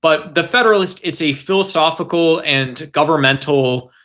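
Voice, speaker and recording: Young male streamer, slightly high and bright, loose rambling delivery, reacts to chat. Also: normal speed. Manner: rambling, conversational, reads and answers chat comments. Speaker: livestream host. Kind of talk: casual political livestream talk.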